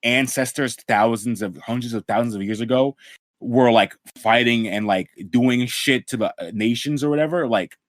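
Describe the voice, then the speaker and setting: A man's voice: mid-range voice, normal speed, no room sound. A man co-hosting a podcast, chatting casually and profanely about an anime, full of slang and "bro". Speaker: podcast co-host.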